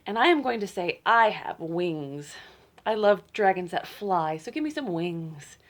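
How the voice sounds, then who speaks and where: A woman librarian reading a picture book aloud to children, playful and teasing, with dramatic gasps and hushed asides. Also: on the low side, lively intonation, measured pace.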